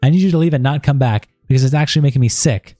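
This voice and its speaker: A man's voice: medium pitch, very fast, dark tone, no echo, clean studio sound, soft background music. A man on a stream, reading a chat log aloud and breaking in with asides of disbelief.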